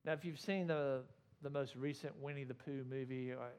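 A man preaching a sermon as pastor, earnest and conversational with gentle humor. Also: mid-range voice, steady tone, moderate pace, clean tone.

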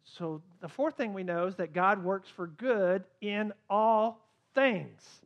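A man preaching a sermon as a pastor, swinging between loud emphasis and quiet asides. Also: high voice, slow, lo-fi sound.

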